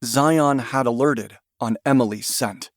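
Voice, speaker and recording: Here a man narrates an audiobook with calm, measured storytelling. The pitch is medium, there's no room sound, and the studio audio is clean.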